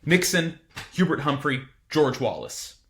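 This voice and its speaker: A man's voice: on the high side, big pitch swings, measured pace, fairly bright tone. A man teaching a casual recorded history lecture, informal and chatty with frequent asides.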